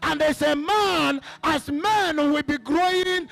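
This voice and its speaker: A man with a Nigerian accent preaching a sermon as pastor, calling out to the congregation and breaking into sudden shouts. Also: extremely high pitch, slow, vocal fry, soft background music.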